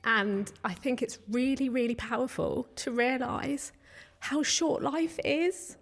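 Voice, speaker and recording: Tearful high-voiced woman answering heartfelt. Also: vocal fry. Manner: heartfelt, open, quick bursts of emotion. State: tearful, crying while talking. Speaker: retreat co-host. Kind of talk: emotional live Q&A answer. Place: retreat room with an audience.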